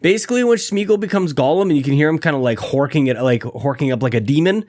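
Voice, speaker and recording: A podcast host who is sick and short of breath, his voice on the higher side for a man. He rambles cheerfully and pokes fun at himself. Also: animated, fast talker, a little mellow. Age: adult, married. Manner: rambling, self-deprecating, upbeat. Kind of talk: casual podcast chat.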